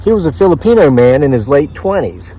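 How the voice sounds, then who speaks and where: A man's voice: fairly high pitch, sing-song, brisk, warm tone, a little hiss or hum. A man from the mid-Atlantic United States reading his own story aloud outdoors in the woods, in a dry, conversational storyteller's manner with offhand asides.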